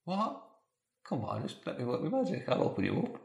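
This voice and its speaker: A man voicing a hapless 55-year-old husband who loves DIY, in a low gruff mutter. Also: sing-song, fairly quick, roomy sound. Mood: grumbling.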